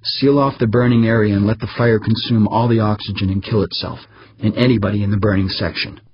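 A man's voice: fairly low pitch, steady tone, fairly quick, husky, lo-fi sound. A man voicing an angry, stern woman who talks in clipped, snapping lines. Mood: cold.

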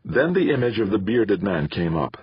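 A man narrating a novel in a dramatic, lively reading style. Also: lowish voice, normal speed, husky, no echo. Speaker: audiobook narrator. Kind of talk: scripted narration of a sci-fi novel. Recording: slightly muffled.

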